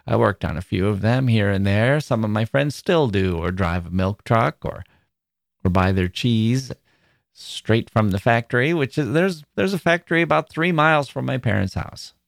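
A man's voice: mid-range voice, moderate pace, vocal fry, dry recording, studio quality. A man from Wisconsin hosting a podcast, talking through a reflective spoken essay in a thoughtful, wry way, with small self-corrections. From Wisconsin, USA. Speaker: podcast host.

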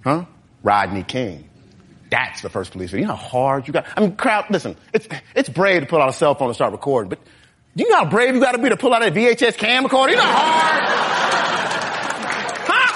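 A man doing a stand-up comedy set on stage, talking straight to the audience in a lively, animated way. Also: high-pitched, fairly quick, slightly rough. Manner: animated, talks straight to the crowd. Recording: live show with crowd noise.

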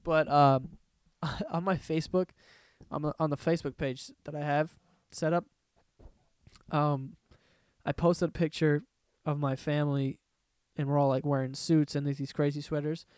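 Male podcast host, solo chat, profane rambling rants, higher voice, dry close sound. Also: normal speed, long pauses, clean tone, dry recording. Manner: profane, rambling, animated ranting. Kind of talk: casual solo podcast monologue. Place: room at home.

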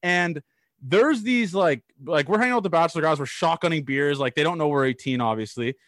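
A man's voice: fairly high pitch, a little fast, dry recording. A young man from Canada hosting a casual interview, telling wild stories with energy and swearing casually. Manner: animated storyteller, swears casually. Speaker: podcast host.

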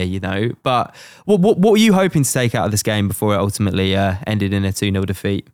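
A man's voice: fairly low pitch, animated, quick pace, few pauses, darkish tone, no echo, clean studio sound. A man hosting a casual podcast, upbeat and teasing with his guests. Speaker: podcast host.

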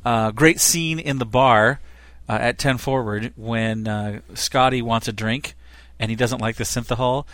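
A man's voice: medium pitch, steady tone, unhurried, few pauses, a bit bright, no room sound. A middle-aged man co-hosting a casual review, talking enthusiastically and rambling with many fillers. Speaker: co-host reviewer.

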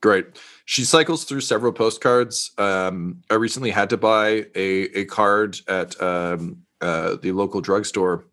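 A man running a tabletop game, narrating scenes in a loose, joking way full of ums and uhs. His voice sits on the low side. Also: steady tone, measured pace, hardly any pauses, a bit bright. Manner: rambling, filler-heavy, jokey. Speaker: game master.

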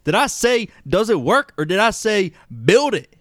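Man playing a bossy cursing Southern old lady, shrill high scolding, dry close sound. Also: very animated, moderate pace, a bit bright, dry recording. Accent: Southern US, put on.

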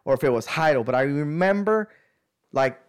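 A man's voice: fairly high pitch, lively intonation, normal speed, clean tone. Rambling slangy man telling a story. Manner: rambling, slangy, acts out quoted voices. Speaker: storyteller among friends. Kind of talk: casual chat.

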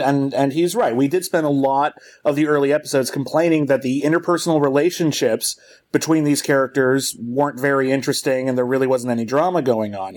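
A man co-hosting a casual chat about a TV show, animated, quick, repeating words as he gets going. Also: medium pitch. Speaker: podcast co-host.

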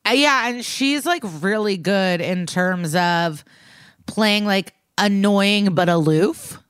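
A woman's voice: mid-range voice, slow pace, a bit bright, clear, resonant tone, no room sound, clean studio sound. A woman co-hosting a podcast, chatty and rambling, recapping a TV episode with playful asides. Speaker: podcast co-host. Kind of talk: casual chat recapping a TV episode.

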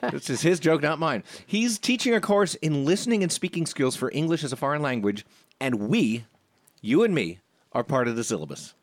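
A middle-aged man hosts a comedy podcast with dry, wry humor. His voice sits a little high and swings animatedly in pitch. The sound is close and dry. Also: very animated, a little slow, long pauses, no echo. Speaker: podcast co-host.

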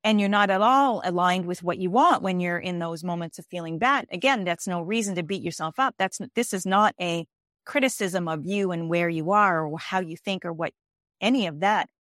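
Here a woman who works as a life coach and author is interviewed as a guest, laying out her ideas with emphatic, repeated phrases and frequent restarts. Her voice sits on the low side, fairly bright, at a normal speed. The studio sound is clean, with no room sound.

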